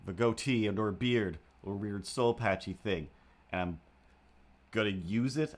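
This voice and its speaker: A man's voice: on the low side, animated, normal speed. A young man hosting a livestream, chatting casually while he draws. He rambles, jokes at his own expense and often drifts off topic. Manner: meandering, self-deprecating, goofy. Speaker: livestream host.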